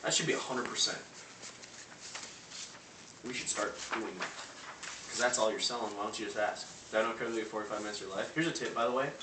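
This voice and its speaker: A man giving a loud, punchy sales pep talk to a live audience, acting out phone calls. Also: lowish voice, fast, long pauses. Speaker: motivational speaker. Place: large room before a live audience. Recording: echoey hall from far off, faint noise.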